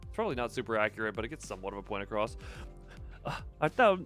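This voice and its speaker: A man's voice: fairly low pitch, very fast, fairly bright tone. A man casually reading a game's dialogue aloud on a stream, joking playfully and often hamming up the lines. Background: game music.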